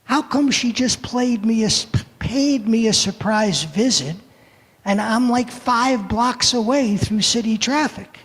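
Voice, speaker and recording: A man's voice: very high voice, a little slow, breathy edge, voice pushed up, exaggerated voice. An older man voicing his cheerful male friend on the phone inside a story he tells in a service, with the voice raised and upbeat. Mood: puzzled. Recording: echoey hall reverb.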